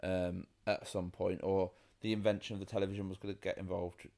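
A man's voice: deep voice, little pitch movement, vocal fry, mellow. Blunt British man co-hosting a podcast. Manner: blunt, swears, quick asides. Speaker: podcast co-host. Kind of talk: casual chat.

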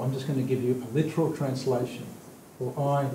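Aussie guy teaching bible study, mellow voice, lots of uh and restarts, echoey room w a faint rumble. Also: steady tone. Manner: thoughtful, halting, with many fillers and restarts; slows down to stress key words of the text. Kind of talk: teaching, explaining scripture.

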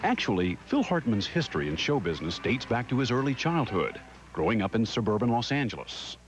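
Male news correspondent, scripted narration, polished, very lively intonation. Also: mid-range voice, fairly quick, music in the background, low-quality recording. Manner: polished broadcast delivery.

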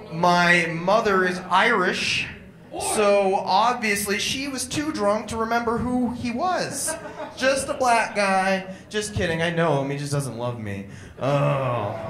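A man's voice: high-pitched, pushed and bright, reverberant. A young man performing a crude, irreverent stand-up comedy set, mocking and blunt. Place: comedy club stage.

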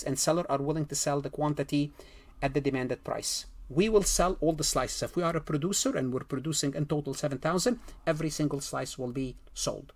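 A man giving a recorded exam-prep economics lecture, repeating himself and asking rhetorical questions. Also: fairly high pitch. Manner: repetitive, rhetorical questions, self-corrections. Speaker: accounting lecturer.

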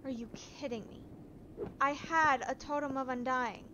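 A woman streaming a game, talking to herself and repeating words in quick strings, with bursts of frustrated outcries. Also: sits high, steady tone, highs cut off, a little hiss or hum. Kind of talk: casual live-stream gameplay commentary. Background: loud music.

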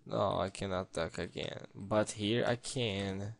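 A man's voice: fairly low pitch, steady tone, slow, vocal fry. A man giving casual game commentary, playful, exclaiming and talking to himself as he plays. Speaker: let's play gamer.

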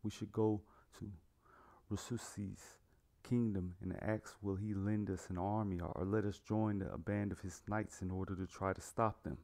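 A man reading as a grieving salesman turned avenger, a low male voice that sinks into choked, breathy whispers. The storybook voice stays plain and close to the reader's own. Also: steady tone, normal speed. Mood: resolute. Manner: breaks into choked, quiet sobbing whispers.

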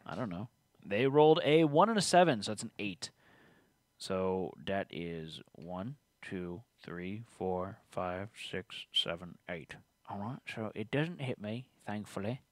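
Male game host, low and animated, dry close mic, reads rules and ribs his friend. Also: measured pace, no echo. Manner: teasing, reads rules aloud. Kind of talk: casual tabletop game play.

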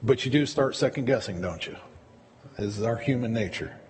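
Conversational pastor preaching in a reverberant church. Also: male voice, medium pitch, fairly quick, slightly rough. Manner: conversational, repeats words while preaching. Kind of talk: sermon. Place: church sanctuary.

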